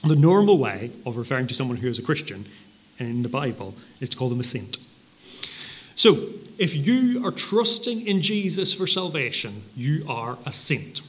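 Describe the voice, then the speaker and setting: A man preaching a sermon, explaining a passage in a measured teaching manner, with occasional fillers and stressed repetitions. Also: medium pitch, sing-song.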